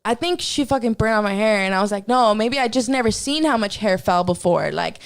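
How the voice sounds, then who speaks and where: A woman's voice: mid-range voice, lively intonation, a little fast. A woman guest on a podcast telling a personal story in casual, profane talk, acting out her own reactions as she goes.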